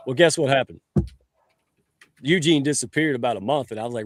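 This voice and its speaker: A man's voice: medium pitch, a little fast, no echo. A man hosting a livestream on a video call, folksy and joking with his guests. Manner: folksy and joking, calls himself a redneck. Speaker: show host.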